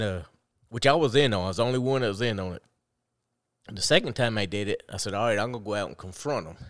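A man telling a prank story in a relaxed, drawling way on a chat show. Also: lowish voice, no echo, clean studio sound. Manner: drawling, laid-back, laughs between lines.

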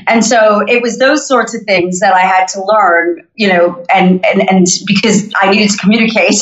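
A woman's voice: mid-range voice, fairly even intonation, moderate pace, fairly bright tone. A middle-aged woman from Montreal with a North American accent, chatting as a guest in an upbeat way and laughing easily. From Montreal, Canada. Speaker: singer-songwriter guest. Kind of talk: casual interview chat. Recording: roomy, dull lo-fi remote audio.

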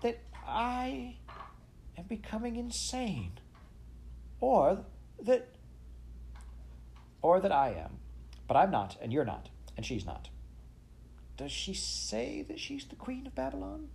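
A man's voice: medium pitch, sing-song, moderate pace, warm tone. A man voicing a bewildered, uneasy older male scholar who speaks hesitantly.

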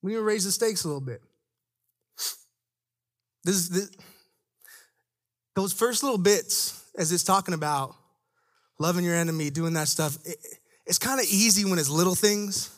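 A young man giving a conversational, animated sermon as a church staff speaker, dropping into low asides and rising for emphasis. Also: normal speed, long pauses.

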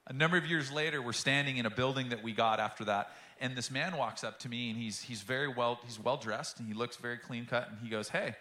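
A man's voice: medium pitch, fairly quick, sharp tone, roomy sound. A man preaching a sermon as pastor, telling a story with passion and acting out the quotes.

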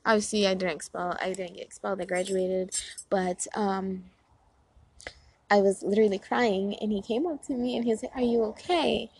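A woman's voice: medium pitch, steady tone, moderate pace, husky, dry recording, poor audio. A woman in her twenties giving dating advice in a rambling, chatty way, full of fillers and asides, talking outdoors near a road. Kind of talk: casual chat.

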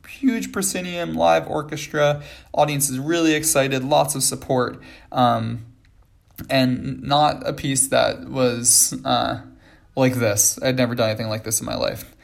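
A man's voice: medium pitch, steady tone, unhurried, creaky. A man, a ballet dancer, casually telling stories with lots of fillers and restarts. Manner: rambling with many fillers and restarts. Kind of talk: casual storytelling.

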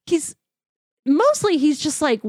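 A woman co-hosting a podcast, chatting casually and gushing enthusiastically with quick asides. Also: sits high, big pitch swings, a little mellow, dry recording, clean studio sound. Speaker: podcast co-host. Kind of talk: casual chat.

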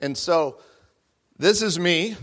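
A man's voice: sits high, takes it slowly, a bit bright. A middle-aged man, a guest speaker, telling a self-mocking comic story to a live audience and acting out the voices in it. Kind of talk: comedic storytelling talk to an audience. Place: large room before a live audience.

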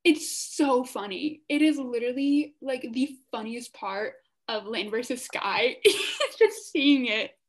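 A woman's voice: on the high side, expressive, takes it slowly. A young woman co-hosting a podcast, gushing with enthusiasm in casual fan chat. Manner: enthusiastic, gushing, heavy use of "like". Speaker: podcast co-host.

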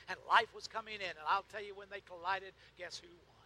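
A male pastor preaching a sermon, peppering his lines with "uh" and "amen" and swelling into loud, fervent peaks. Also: high voice, steady tone, a little fast, hardly any pauses, no room sound, rough recording.

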